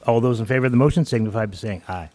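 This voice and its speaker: A man chairing a town council meeting, moving briskly through procedure with light asides. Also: medium pitch, darkish tone. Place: council chamber.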